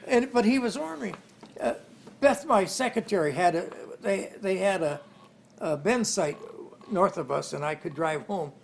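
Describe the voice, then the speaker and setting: A man's voice: high-pitched, expressive, normal speed, vocal fry, darkish tone, a little hiss or hum. An older man in an interview, telling rambling family stories and chuckling along the way. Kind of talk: oral history storytelling.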